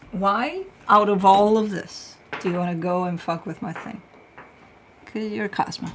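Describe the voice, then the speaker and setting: A woman's voice: mid-range voice, vocal fry, slight background noise, poor audio. A middle-aged woman hosting a casual tarot livestream, chatting with viewers in a blunt, laid-back way, swearing freely and laughing often. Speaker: tarot reader and livestream host. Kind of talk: casual livestream chat, answering viewer comments.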